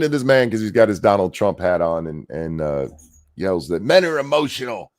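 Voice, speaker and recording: A man's voice: fairly low pitch, very animated, normal speed. A man hosting a podcast, ranting in casual, mocking, sarcastic commentary. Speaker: podcast host.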